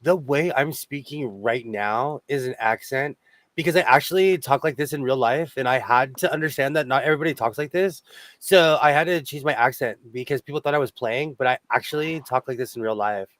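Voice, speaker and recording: A man from California hosting a casual group chat, talking fast and animatedly. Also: mid-range voice, a bit bright, dry recording. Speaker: host.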